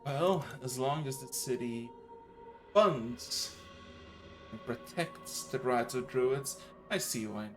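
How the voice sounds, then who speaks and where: A man's voice: mid-range voice, slow pace, a bit bright, soft background music. A man playing a composed halfling druid teacher.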